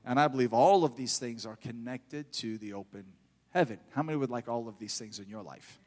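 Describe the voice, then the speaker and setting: A middle-aged man preaching a fervent sermon in church, building to loud exhortation. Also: mid-range voice, brisk, big-room sound.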